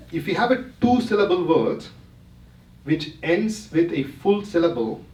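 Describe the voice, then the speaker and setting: A man giving a talk to a retreat audience, explaining step by step and often checking that listeners follow along. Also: fairly high pitch. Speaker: presenter. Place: retreat hall. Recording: roomy hall, mic from a distance.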